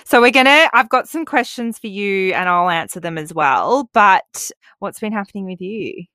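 A woman's voice: medium pitch, lively intonation, normal speed, pushed and bright, no room sound. Chatty young woman, dry sound. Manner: chatty, laughs often. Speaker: podcast co-host. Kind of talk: casual chat. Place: abroad, recording remotely.

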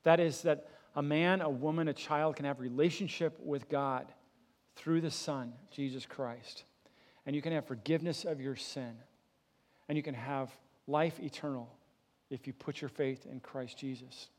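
A man's voice: fairly even intonation, normal speed. Preaching man, rising and falling emphasis. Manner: swells louder and higher for emphasis, then drops low and soft; conversational preaching with rhetorical questions. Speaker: pastor. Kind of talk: sermon.

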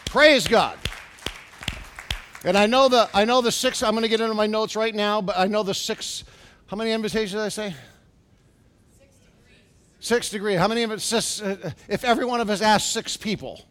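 Bright-voiced preaching pastor, middle-aged man. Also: high voice, normal speed, long pauses. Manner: preaching with rising, shouted exhortations and rhetorical questions. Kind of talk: sermon. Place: church sanctuary.

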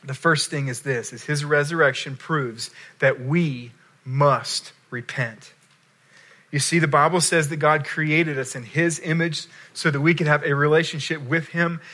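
Male pastor, sermon; slightly high, bright voice, moving between loud emphasis and hushed lines. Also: fairly even intonation, unhurried.

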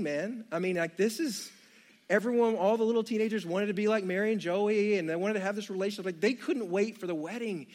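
A young man preaching a sermon, retelling the story with jokey asides and playful asides to the congregation. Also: sits high. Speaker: pastor.

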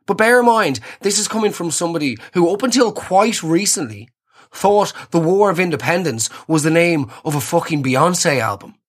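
A man's voice: a little high, animated, moderate pace. A man in his twenties with a Dublin accent, nasal and a bit sick, telling a sweary comic story. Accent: Dublin Irish. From Ireland. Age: 20s. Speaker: comedian podcaster. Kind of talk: comic monologue.

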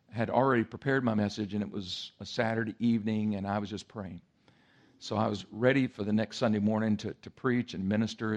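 A male pastor preaching a sermon, telling a story in a lively way and acting out voices and sounds. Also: fairly low pitch.

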